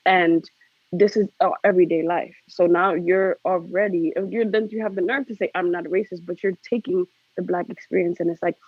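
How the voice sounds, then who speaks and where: A woman's voice: fairly low pitch, steady tone, moderate pace, breathy edge, no echo. Earnest woman on dull, dry audio. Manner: earnest, searching for words. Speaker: panelist. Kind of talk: casual panel discussion.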